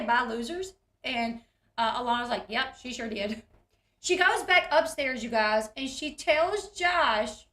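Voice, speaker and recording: A woman's voice: sits high, fairly bright tone, roomy sound. A woman, retelling reality TV scenes in a chatty, giggly way and acting out the quotes. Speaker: recap host. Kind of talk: casual reality TV recap.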